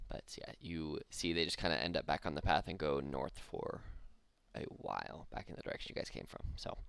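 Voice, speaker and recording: Low gravelly game master. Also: male voice, a little fast, no echo. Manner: relaxed, loose, laughs often. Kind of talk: narrating a tabletop game.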